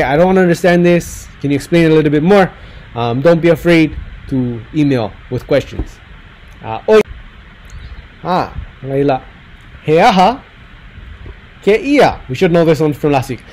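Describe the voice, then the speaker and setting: A man teaching a recorded slideshow lesson, repeating phrases slowly for the learners to echo. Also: on the high side, darkish tone. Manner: slow, drills phrases with rising repetition. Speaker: Hawaiian language teacher.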